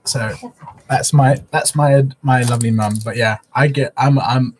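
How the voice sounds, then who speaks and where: A man's voice: mid-range voice, fairly even intonation, unhurried, slight background noise. A man hosting a casual craft livestream from home, talking openly and emotionally to his viewers. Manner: openly emotional, soppy, chatty. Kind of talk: casual live-stream chat. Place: at home, in a living room.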